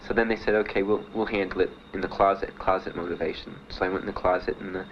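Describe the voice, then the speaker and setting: An older man recounting his past in a halting interview, with many pauses and fillers. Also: low voice, fairly even intonation, highs cut off, a little hiss or hum. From Miami. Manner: plain, halting storytelling with many "uh"s and "you know"s. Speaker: Vietnam veteran interviewee. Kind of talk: personal recollection in an interview.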